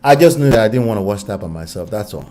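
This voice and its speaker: A man's voice: fairly low pitch, lively intonation, fast talker, a little mellow. A man hosting a reaction commentary, talking casually with exasperated asides. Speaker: commentary channel host.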